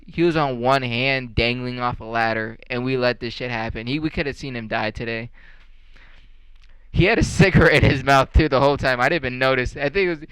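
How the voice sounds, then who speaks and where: A man's voice: mid-range voice, a bit bright, smooth, dry recording, poor audio. A young man in a casual, profane rant, sarcastic and rambling, full of fillers and mocking questions.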